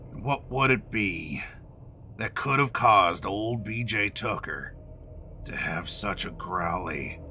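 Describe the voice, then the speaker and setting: A man voicing a grumpy old male vampire with a growly, gravelly voice and a slow drawl. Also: sits low, pushed and bright, voice pushed down, exaggerated voice.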